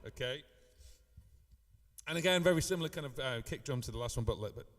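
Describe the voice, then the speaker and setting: A man's voice: mid-range voice, animated, quick pace, a bit bright, big-room sound. A man from the UK teaching live looping in a casual live stream, rambling with many fillers and beatboxing now and then. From United Kingdom.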